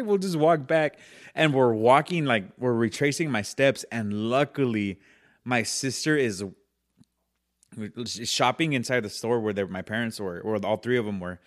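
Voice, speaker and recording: A man's voice: mid-range voice, normal speed, fairly bright tone. A man co-hosting a podcast, telling a childhood story in casual chat, acting out voices and laughing often. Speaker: podcast co-host.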